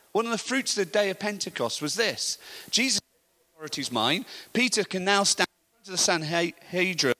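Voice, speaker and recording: A middle-aged man preaching a sermon, telling animated stories and laughing often. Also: sits high.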